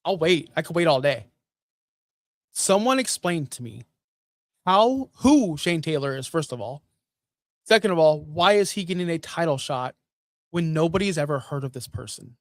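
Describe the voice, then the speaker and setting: A man's voice: a little high, normal speed, dry recording. Ranting wrestling recap guy, dry sound. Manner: animated, repeats points, asks rhetorical questions. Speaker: wrestling show recap host. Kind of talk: casual ranting commentary on a live stream.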